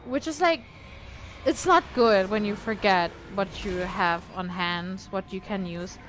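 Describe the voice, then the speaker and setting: A woman's voice: medium pitch, measured pace, soft background music. A woman streamer giving casual gameplay commentary in a chatty, filler-heavy way, with bursts of alarmed swearing. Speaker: game streamer. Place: at home at a gaming setup. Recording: game noise behind a streamer mic.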